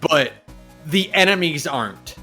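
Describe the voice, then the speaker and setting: A man's voice: fairly high pitch, lively intonation, unhurried, music in the background. A man co-hosting a podcast in casual chat, laid-back and wry. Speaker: podcast co-host.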